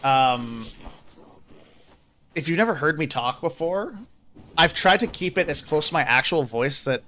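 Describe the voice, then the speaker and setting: A man's voice: fairly high pitch, expressive, unhurried, pauses often, pushed and bright, a little hiss or hum. A man streaming a game and chatting casually, rambling and self-deprecating, swearing freely. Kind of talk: casual chat.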